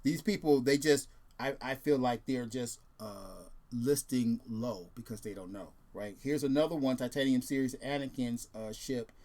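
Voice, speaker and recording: A man hosting a casual video who talks in a relaxed, rambling way. He fills his speech with ums and restarts. His voice sits at an ordinary middle pitch. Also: normal speed. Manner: rambling, filler-heavy, laid-back. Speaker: host.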